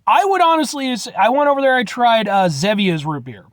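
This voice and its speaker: A young man from Illinois reviews a drink in a loose, rambling monologue, full of restarts and casual cursing. His pitch moves a lot, rising and falling within a sentence. The sound is close and dry, with no room around it. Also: very animated, fairly quick, dry recording. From Illinois, USA. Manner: rambling, blunt, swears casually, hesitant restarts. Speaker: vlogger reviewing root beer.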